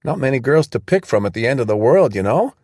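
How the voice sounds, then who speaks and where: A man voicing a wounded young male soldier who cracks jokes and talks excitably. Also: medium pitch, fast, no echo, studio quality, voice pushed up. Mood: joking, eager. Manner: wisecracking and excitable.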